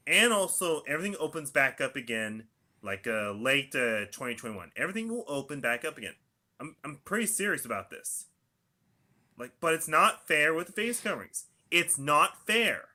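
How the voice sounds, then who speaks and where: Bright-voiced man, rambling with "mm-hmm"s. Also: fairly high pitch, very animated, normal speed. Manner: repetitive, punctuated by "mm-hmm" and "and also". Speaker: video diarist. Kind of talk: rambling monologue.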